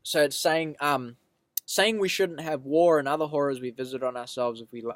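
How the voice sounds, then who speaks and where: A man talks straight to the camera in a loose, unscripted monologue, reading quotes and going off on tangents. He swears freely and leans hard on his points. His voice sits a little higher than most men's, and the sound is dry and close, with no room echo. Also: animated, a little fast. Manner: rambling, profane, emphatic. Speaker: vlogger.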